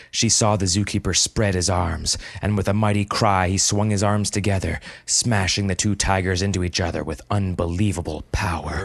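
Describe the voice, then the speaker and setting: Deep-voiced man narrating a story. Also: creaky, dry recording, clean studio sound. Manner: steady, dramatic reading. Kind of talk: scripted narration. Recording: music playing under the voice.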